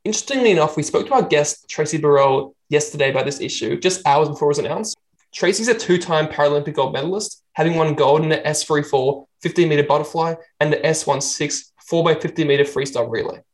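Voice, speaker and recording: An interview host who talks quickly and briskly. The delivery is upbeat, with a scripted introduction of the guest followed by the questions. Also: mid-range voice, poor audio.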